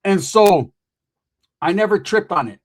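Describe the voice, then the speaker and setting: Man, middle-aged, fairly high voice, casual storytelling, street slang, cursing. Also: measured pace. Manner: profane street slang, animated, quotes people often. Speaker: podcast guest telling a story.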